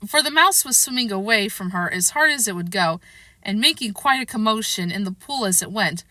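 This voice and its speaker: Lively woman reading a storybook aloud. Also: medium pitch, brisk, no echo. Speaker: storybook reader. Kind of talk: reading a children's classic aloud.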